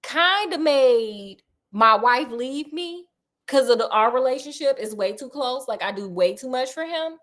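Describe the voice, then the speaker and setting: A lovesick aristocratic duke pleads and confesses in casual slang, as a woman storyteller puts him on. The voice sits fairly high, only a little lower and softer than the narrator's own. The manner is pleading and rueful. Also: expressive, measured pace. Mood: confessing.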